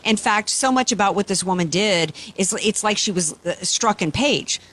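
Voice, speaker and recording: A woman's voice: mid-range voice, expressive, normal speed, a bit bright. Emphatic woman radio talk host. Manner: emphatic, repetitive phrasing with restarts.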